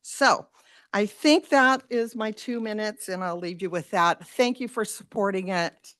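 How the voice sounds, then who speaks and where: A woman who teaches after-school sewing, giving an animated, chatty public comment at a school board meeting. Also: medium pitch, unhurried. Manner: animated, chatty, quotes the kids.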